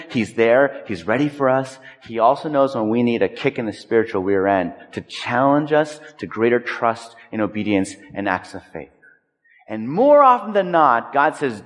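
A man preaching a sermon as a pastor, talking conversationally and acting out everyday stories. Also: medium pitch. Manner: conversational, acts out anecdotes. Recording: echoey hall.

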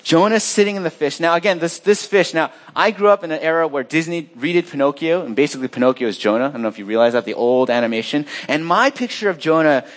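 A man preaching a sermon as pastor of his church, swinging between loud emphatic lines and quiet low asides. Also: lively intonation, quick pace, hardly any pauses.

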